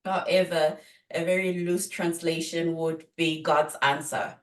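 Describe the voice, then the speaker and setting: A middle-aged woman speaks slowly and thoughtfully as a guest in an interview, her voice a touch low. She sits back from the microphone in a roomy, echoing space. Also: little pitch movement. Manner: measured, thoughtful, with light laughs and frequent ums. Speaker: author guest. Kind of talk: interview conversation. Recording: roomy, distant from the mic.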